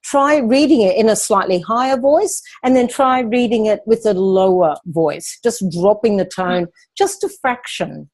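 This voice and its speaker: In a patient, question-and-answer teaching style, a woman who coaches speaking explains her thinking in a measured, calm manner. Her voice sits somewhat low, full and resonant.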